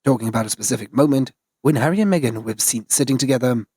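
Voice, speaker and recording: A man reading scripted news narration in a flat, even delivery. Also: mid-range voice, quick pace, breathy edge, no echo.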